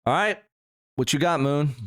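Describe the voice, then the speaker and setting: Sarcastic podcast co-host. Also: male voice, a little high, expressive, normal speed, fairly bright tone, no room sound, clean studio sound. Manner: sarcastic, laughs a lot. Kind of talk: casual chat. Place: podcast studio.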